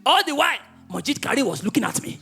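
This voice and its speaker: A man with a Nigerian accent doing live stand-up comedy, telling stories with animated delivery and often laughing through his lines. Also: very high voice, fast talker, faint music behind.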